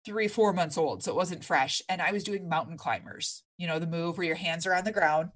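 Brief: woman in her 30s, podcast guest, lower voice, emphatic, candid storytelling. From Michigan, USA. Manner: earnest, emphatic, speeds up and slows down. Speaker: fitness coach guest.

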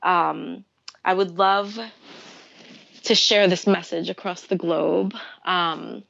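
A woman's voice: lowish voice, fairly even intonation, takes it slowly, creaky, fairly bright tone, muffled recording. A woman in a casual interview, chatty and bubbly, laughing often and using lots of fillers. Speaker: guest artist.

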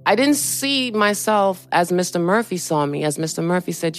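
A woman being interviewed, telling a personal story in an animated way and acting out what other people said to her. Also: fairly low pitch, normal speed, few pauses, faint music behind. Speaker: interview guest.

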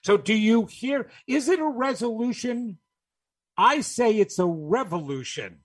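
A man's voice: extremely high pitch, animated, a little slow. A man giving a motivational talk, emphatic and rhetorical, repeating his key phrases and asking the listener questions. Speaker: speaker on New Year's resolutions.

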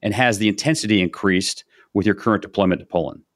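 A man's voice: on the low side, fast, no echo. Older retired colonel guy hosting, chatty and affirming, dry close sound. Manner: conversational, affirming. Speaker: podcast host, retired colonel. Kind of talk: interview hosting.

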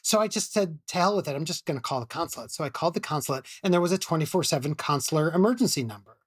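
A man's voice: a little high, expressive, rapid-fire, breathy edge, no echo, clean studio sound. A middle-aged man, an emergency physician, telling a story casually with many restarts and laughs.

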